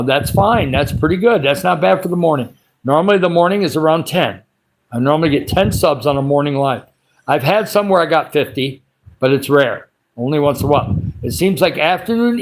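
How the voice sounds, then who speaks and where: A man hosting a casual livestream, his throat dry and raspy, rambling along and greeting viewers by name as he reads their comments. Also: a little high. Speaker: livestream host.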